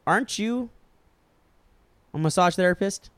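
A young man co-hosting a podcast, animated and joking, often laughing. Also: high voice, a little slow, clear, resonant tone, no echo. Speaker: podcast co-host. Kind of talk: casual chat.

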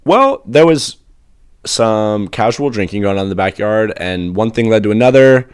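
A young man co-hosting a podcast in casual chat, with a dry, deadpan delivery and a sore broken nose. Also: on the low side, normal speed, clear, resonant tone, no room sound. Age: young adult. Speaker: podcast co-host.

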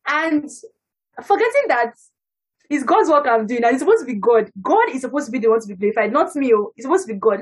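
A young woman giving a casual personal testimony on a church podcast, animated and laughing as she acts out what others say. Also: a little high, slightly rough, rough recording. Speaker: panel speaker on a church podcast.

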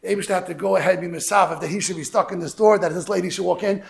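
Gravelly fast-talking man preaching. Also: sits high. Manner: animated, rushed, sprinkled with Hebrew and Yiddish terms. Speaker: religious lecturer. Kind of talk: storytelling sermon.

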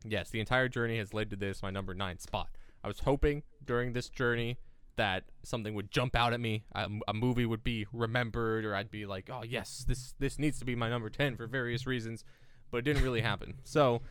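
A man's voice: mid-range voice, steady tone, brisk, a bit bright, clean tone, dry recording. A man co-hosting a casual podcast chat, rambling and hesitant, often trailing off and starting over. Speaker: podcast co-host.

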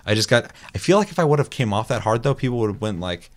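A man's voice: fairly low pitch, fast talker, few pauses. A man hosting a casual chat show, telling a gaming story with laughs and swearing. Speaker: podcast host.

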